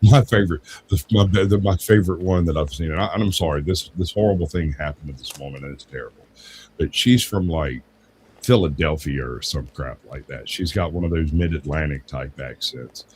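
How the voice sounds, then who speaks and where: A man's voice: very deep voice, fairly quick, a little mellow, a little hiss or hum, poor audio. A man co-hosting a casual talk show, telling long rambling anecdotes and acting out the people in them. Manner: rambling anecdotes with acted quotes. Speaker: podcast co-host. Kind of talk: casual storytelling chat.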